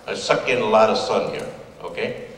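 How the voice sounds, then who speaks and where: A man's voice: fairly low pitch, moderate pace, slight background noise. A man in his seventies, a playwright from the United States, giving a humorous, anecdotal lecture to an audience in a large hall, recorded from a distance. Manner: humorous, anecdotal, plays voices. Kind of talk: public lecture. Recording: echoey hall from far off.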